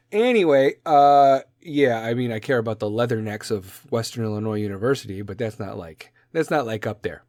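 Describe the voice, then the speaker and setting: A man's voice: medium pitch, expressive, normal speed, a little mellow, dry recording, studio quality. A man in his forties with a Chicago accent, hosting a podcast in a profane, rambling, jokey rant. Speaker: podcast host. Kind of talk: casual rant.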